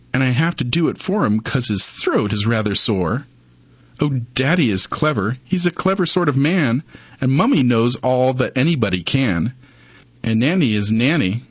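A man reading children's stories and poems aloud in an expressive, sing-song way. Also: mid-range voice, husky, dry recording. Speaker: storyteller. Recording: dull muffled recording.

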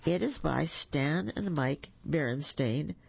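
A storyteller reading children's stories aloud, with gentle chatty asides to the listeners. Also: mid-range voice, lively intonation, takes it slowly, vocal fry, husky, dry recording. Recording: muffled lo-fi recording.

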